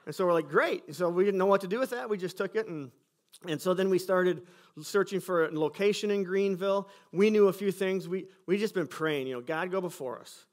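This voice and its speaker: A man's voice: sits high, a little fast, a little mellow. Earnest pastor telling his church's story. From Michigan. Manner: earnest storytelling, reenacting conversations. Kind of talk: sermon testimony. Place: school cafeteria used for church services.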